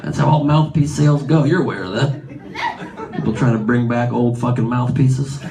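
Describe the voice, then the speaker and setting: A man's voice: mid-range voice, normal speed, creaky. A man doing improvised crowd work on a comedy club stage, brash and profane, mocking people in the audience and acting out the characters in his bits. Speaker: stand-up comedian. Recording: echoey live club recording with crowd. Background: audience laughter.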